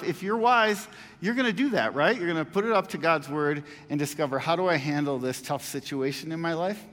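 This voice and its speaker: A man preaches in a relaxed, chatty way, like a pastor talking straight to his viewers. His voice sits a little high and jumps up in pitch and volume on emphatic lines, then falls to quiet asides. A long reverb tail follows his words. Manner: animated, conversational, swings between loud emphasis and quiet asides. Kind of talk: casual video sermon.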